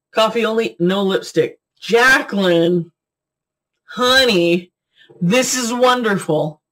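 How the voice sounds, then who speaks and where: Middle-aged woman, giggly and rambling, casual vlog chat at a mid pitch. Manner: chatty, giggly, jumps between topics. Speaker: beauty and tarot vlogger.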